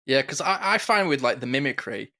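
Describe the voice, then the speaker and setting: A man co-hosting a podcast in casual chat, an animated storyteller who slips into quick impressions. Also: medium pitch. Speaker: podcast co-host.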